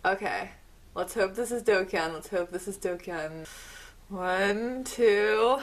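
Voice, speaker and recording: A woman vlogger talking through an album unboxing, gushing and excitable as she speaks to the camera. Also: medium pitch, a little slow. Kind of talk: casual unboxing commentary.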